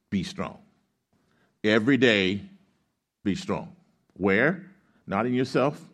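A man with a low, steady voice preaching to his congregation. He reads scripture and then works through it like a teacher. He keeps asking questions for the crowd to answer back. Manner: reads scripture aloud, explains Greek grammar. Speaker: pastor. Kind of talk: sermon with call-and-response.

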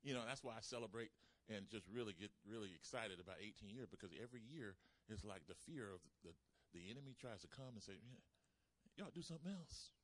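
A man preaching a sermon, calling out to the congregation and swinging between loud emphasis and soft asides. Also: lowish voice, quick pace. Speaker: pastor.

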